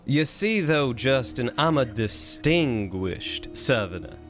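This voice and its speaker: A man streaming a game, putting on a slow, prim Southern drawl as a genteel upper-class Southern gentleman. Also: mid-range voice, lively intonation, faint music behind. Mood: haughty. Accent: put-on Southern US drawl.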